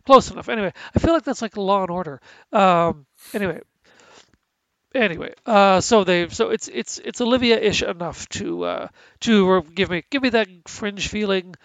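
A man's voice: sits high, normal speed, no echo, rough recording. A man with stuffy sinuses co-hosting a casual chat about TV, rambling with many restarts and fillers. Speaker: podcast co-host.

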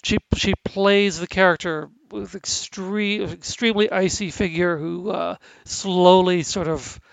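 A man's voice: high voice, steady tone, unhurried, creaky, dry recording, poor audio. A man with stuffy sinuses co-hosting a casual chat about TV, rambling with many restarts and fillers. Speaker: podcast co-host.

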